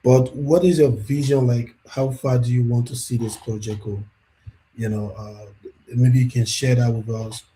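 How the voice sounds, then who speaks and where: Mellow-voiced talk show host. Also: male voice, medium pitch, fairly even intonation, normal speed, slight background noise, rough recording. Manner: searching, repeats words and restarts as he frames a question. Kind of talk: conversational interview questions.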